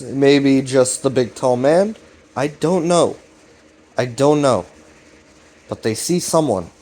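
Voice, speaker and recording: A man's voice: a little high, darkish tone. Laid-back, cursing rambler, man. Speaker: video series host. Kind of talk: casual rambling recap.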